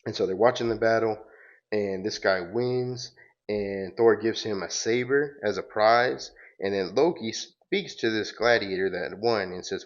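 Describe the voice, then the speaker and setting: A man's voice: fairly low pitch, unhurried. A man hosting a comic reading, retelling the panels casually with fillers and self-corrections. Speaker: comic book reader and host. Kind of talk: casual reading aloud with commentary. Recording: dull lo-fi sound.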